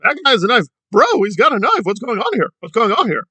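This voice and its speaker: A man mimicking a panicky young man who whines and shouts frantic warnings. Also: very high-pitched, sing-song, quick pace, slightly rough, no echo, voice pushed up, exaggerated voice. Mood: panicked.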